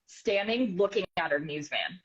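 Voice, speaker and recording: An American woman, a news reporter and author, tells an animated story as an interview guest, speaking quickly and using many fillers. Her voice is lowish, and the recording sounds slightly dull and muffled.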